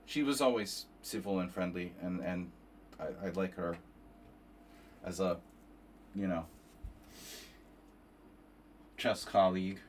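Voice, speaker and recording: Tired, rambling low-voiced man. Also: slight background noise. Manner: rambling and profane, many restarts. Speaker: chess streamer. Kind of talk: casual streaming chat.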